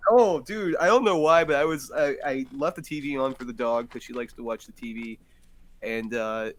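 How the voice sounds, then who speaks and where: A man's voice: mid-range voice, moderate pace. A man co-hosting a podcast in casual chat, joking and giggling often over a video call. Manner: giggly, jokey. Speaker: podcast co-host.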